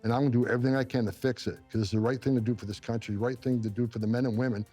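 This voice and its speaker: A man's voice: medium pitch, fairly even intonation, racing, mellow, soft background music. A middle-aged man from upstate New York, a former immigration enforcement director, giving intense, emotional interview answers and repeating himself when moved.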